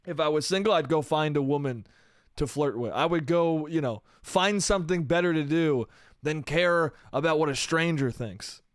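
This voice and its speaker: A man's voice: fairly high pitch, normal speed, dry recording, clean studio sound. A man hosting a solo comedy podcast, rambling in a loose, profane, self-amused way with lots of restarts. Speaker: podcast host.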